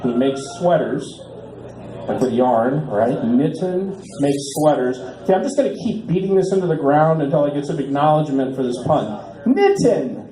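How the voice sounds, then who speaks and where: A man in his forties doing a stand-up comedy set in a bar, delivering punchlines deadpan and drawing out repeats while he waits for laughs. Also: on the high side, reverberant, poor audio. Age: 40s. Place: small bar stage.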